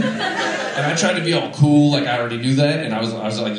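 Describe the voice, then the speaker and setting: A man's voice: mid-range voice, brisk. A Canadian man doing a stand-up comedy set, rambling and self-mocking, with plenty of fillers. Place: comedy club stage. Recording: echoey club from a distance. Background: laughing audience.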